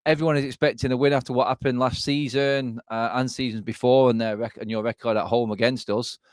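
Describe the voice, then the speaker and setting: A man's voice: mid-range voice, fairly even intonation, a little fast, clean tone, no echo, studio quality. A young English man co-hosting a casual football watchalong, blunt and sweary, laughing often. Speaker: co-host, rival fan.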